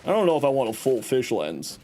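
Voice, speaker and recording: A man's voice: medium pitch, very animated, brisk, mellow. A man hosting a livestream, chatting casually and teasing as he greets viewers and reads chat. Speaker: livestream host reading chat.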